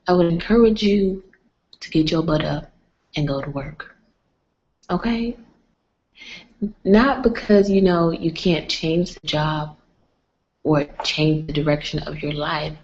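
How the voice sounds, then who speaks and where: A woman's voice: fairly low pitch, a little mellow. A woman hosting a late-night live stream from home, talking casually and keeping her voice down, often near a whisper, through a computer mic. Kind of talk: casual live-stream chat with motivational talk. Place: home at night with others asleep. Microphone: computer mic on a live video stream. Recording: dull lo-fi stream audio.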